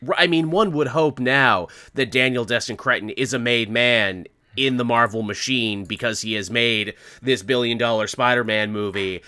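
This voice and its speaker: A man hosting a comics podcast in casual chat, animated and joking, with the odd swear word. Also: medium pitch, normal speed, hardly any pauses, clear, resonant tone. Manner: animated, swearing, playful put-on quotes. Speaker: podcast host.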